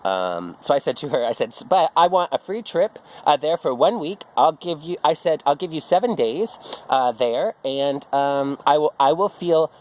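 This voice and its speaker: A man's voice: fairly high pitch, animated, normal speed, poor audio. A middle-aged man, rambling through a casual, profane monologue full of restarts and asides. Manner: rambling, profane, self-interrupting. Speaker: vlogger.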